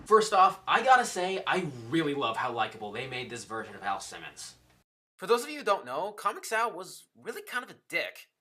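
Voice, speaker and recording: A male film reviewer talks through a movie with real enthusiasm, throwing in swear words and joking asides. His voice is bright and forward, and his pitch swings widely as he gets excited. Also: husky. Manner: enthusiastic, swears freely, quick jokey asides. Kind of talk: casual video review.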